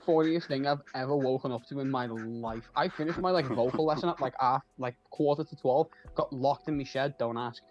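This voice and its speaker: A young man with a Scouse accent, telling a story in casual chat on a stream. He tells it with animated energy, swears freely and laughs often. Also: medium pitch, fairly quick, hardly any pauses, highs cut off. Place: home.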